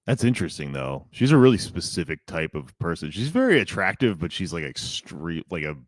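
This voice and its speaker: A man's voice: deep voice, big pitch swings, a little fast, no echo. A man co-hosting a podcast, rambling loosely through a movie recap with lots of fillers and restarts. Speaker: podcast co-host. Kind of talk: casual chat.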